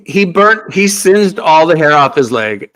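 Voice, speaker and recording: A man's voice: a little high, sing-song, measured pace, a bit bright, poor audio. A man hosting a casual live craft Q&A, chatting and telling stories animatedly with lots of laughter. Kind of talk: casual live-stream chat.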